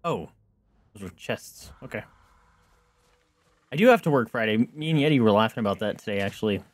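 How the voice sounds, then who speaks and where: Young male streamer, lively chatty delivery, rambling asides, sudden excited yelps. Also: on the low side, fairly quick. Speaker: streamer playing a game. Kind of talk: casual gameplay chat to viewers.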